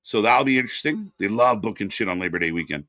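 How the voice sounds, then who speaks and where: Excitable man reacting to a live wrestling show. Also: fairly low pitch, fast talker, no room sound, clean studio sound. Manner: excited, rambling, with fillers and sudden loud bursts. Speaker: wrestling watch-party co-host.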